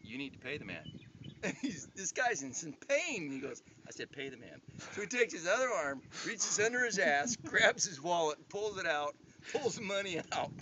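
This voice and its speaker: A man casually telling a story to friends outdoors on a cattle drive, profane and animated, laughing as he goes. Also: high voice. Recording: muffled, loud outdoor wind noise.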